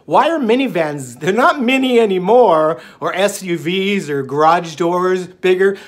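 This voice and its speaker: Speaking at a measured pace, a man with a high, expressive voice delivers a casual, rambling monologue for his diet channel. He's playful and digressive, filling it with "um"s and asides.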